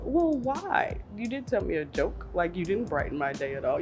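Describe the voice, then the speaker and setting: A middle-aged woman chatting casually on her vlog, animated and self-mocking, laughing often. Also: medium pitch, fairly quick, hardly any pauses, faint music behind. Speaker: vlogger. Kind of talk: casual chat reviewing old photos.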